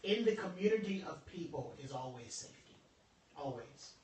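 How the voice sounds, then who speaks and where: A man giving a joking, animated motivational workshop talk to a group. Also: on the high side, moderate pace, far from the mic, a little hiss or hum. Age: adult over twenty-five. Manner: animated, joking, preacher-like delivery. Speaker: motivational speaker. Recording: echoey room, voice from afar.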